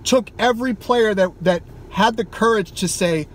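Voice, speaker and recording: A man's voice: high voice, normal speed, a little hiss or hum. A man vlogging from inside a car, delivering an emphatic, heated rant and swearing freely. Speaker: gaming YouTuber. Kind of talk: impassioned car vlog rant.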